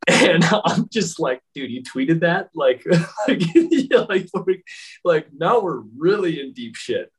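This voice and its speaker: Husky man rambling through a story. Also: high-pitched, very animated, slow, rough recording. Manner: rambling, many fillers, laughs often. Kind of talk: casual storytelling.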